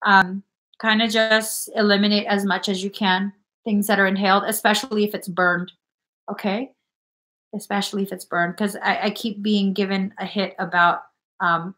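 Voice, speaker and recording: A woman's voice: medium pitch, sharp tone. A woman on a casual livestream, giving blunt, frank readings and swearing freely as she talks.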